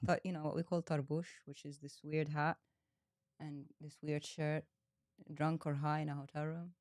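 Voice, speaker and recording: Woman co-host, mocking reaction commentary, laughs, lowish voice, dry sound. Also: little pitch movement, normal speed, darkish tone, dry recording.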